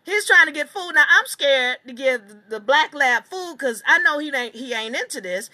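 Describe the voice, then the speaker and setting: A woman teaching a seminar, telling a long story in an emphatic, animated way and swearing casually. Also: high-pitched, normal speed. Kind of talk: storytelling lecture.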